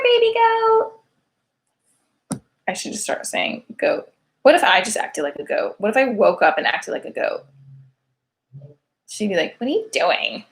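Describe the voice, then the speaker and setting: A woman's voice: medium pitch, a bit bright. A woman in her thirties, a single mother doing a rambling comic monologue, chatty and full of fillers, with sarcastic self-mocking jokes.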